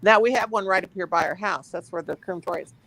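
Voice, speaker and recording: A woman's voice: mid-range voice, quick pace, fairly bright tone, no room sound, poor audio. Chatty woman crocheting and laughing. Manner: chatty, laughs often, counts stitches aloud. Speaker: crochet channel host. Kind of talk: casual chat while crocheting.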